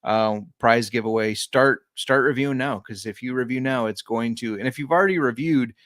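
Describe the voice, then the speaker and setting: Relaxed chatty male podcast co-host. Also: mid-range voice, normal speed, no echo. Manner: relaxed, chatty, laughs easily. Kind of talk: casual sports betting chat.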